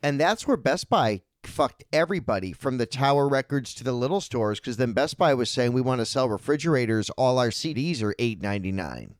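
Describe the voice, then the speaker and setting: A man's voice: medium pitch, lively intonation, fairly quick, few pauses, no room sound, studio quality. A man co-hosting a podcast in casual chat, talking bluntly and candidly, with jokes and occasional swearing. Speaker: podcast co-host.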